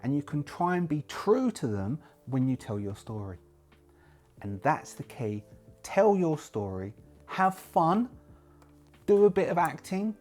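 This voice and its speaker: A man's voice: fairly high pitch, unhurried, soft background music. A man hosting a solo roleplaying channel, talking casually and rambling, often correcting himself mid-sentence. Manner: rambling, self-correcting, lively. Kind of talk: casual talk to camera.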